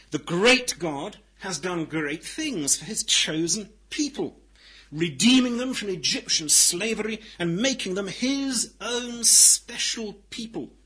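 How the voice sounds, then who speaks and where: A man preaching a sermon in a deliberate, emphatic way, swinging from loud declarations to hushed, quiet lines. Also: sits high, slightly rough, rough recording.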